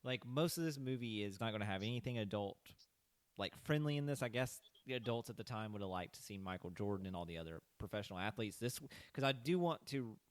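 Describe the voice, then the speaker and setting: A young man with a lowish voice talks through a film's plot in a relaxed podcast chat. He wanders into asides and swears offhandedly. The sound is dry and close, with no room around it. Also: quick pace, dry recording. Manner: rambling, recaps plot at length, swears casually. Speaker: podcast host. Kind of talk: casual movie-review chat.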